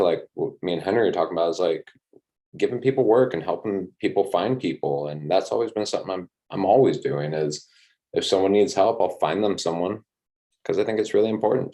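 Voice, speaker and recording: A tour manager appears as a guest in a casual interview, telling stories in a low, mellow voice. He is relaxed and rambling, with frequent ums and casual swearing.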